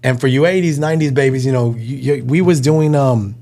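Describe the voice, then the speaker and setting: A man's voice: mid-range voice, a little fast. Easygoing man in his thirties chatting. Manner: relaxed, acts out little phone conversations in quotes. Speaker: restaurant owner, podcast guest. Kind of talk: casual chat.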